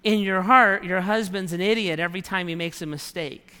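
A man's voice: sits high, a little fast, bright, forceful tone, clean tone. A man preaching a sermon in a conversational way, acting out the prayers and thoughts of his listeners. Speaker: pastor. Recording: long hall reverb.

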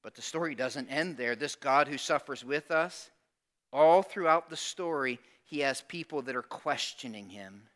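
A man's voice: mid-range voice, normal speed, fairly bright tone. A male pastor preaching a sermon with emphatic call-and-response, putting direct questions to his congregation.

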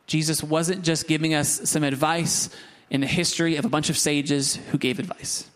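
Pastor, male, higher-pitched voice, animated and chatty from the pulpit. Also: normal speed. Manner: animated, conversational preaching with asides to the congregation. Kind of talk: sermon.

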